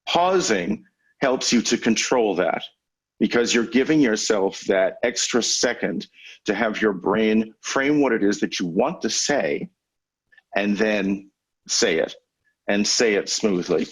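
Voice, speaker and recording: Husky-voiced man teaching a webinar. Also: fairly low pitch, animated, low-quality recording. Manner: measured, conversational teaching with deliberate pauses. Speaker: public speaking coach for lawyers. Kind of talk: webinar lecture. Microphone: video call microphone.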